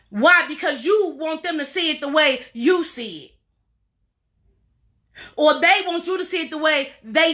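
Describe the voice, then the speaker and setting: High bright-voiced woman coach, preachy and repeats herself a lot. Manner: preachy, repetitive, emphatic. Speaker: life coach. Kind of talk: motivational talk to camera.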